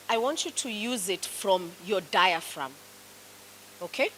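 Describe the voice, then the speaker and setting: In this low-quality recording with some hiss or hum, a woman with a Kenyan accent gives classroom instruction in public speaking. She speaks slowly at a medium pitch, expressive and fairly bright, guiding students through exercises with warm, coaching commands.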